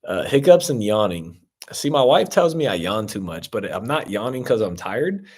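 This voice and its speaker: A man's voice: fairly low pitch, sing-song, moderate pace, darkish tone, breathy edge. A man coaching on real estate investing as he answers viewer comments in a casual live-stream Q&A, talking loosely with many fillers and an upbeat tone toward his viewers. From Ohio.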